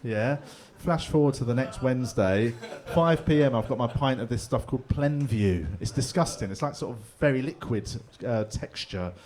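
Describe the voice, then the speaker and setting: Stand-up comic, man, forties, animated storyteller, middle-pitched voice, pub gig. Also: moderate pace. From England. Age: 40s. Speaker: stand-up comedian. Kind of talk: stand-up comedy set. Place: pub comedy room with live audience.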